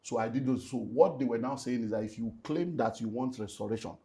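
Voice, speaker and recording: A middle-aged man with a Nigerian accent, a pastor talking about his life in an emotional way that rises into loud, emphatic bursts. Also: medium pitch, brisk. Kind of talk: candid personal testimony in conversation.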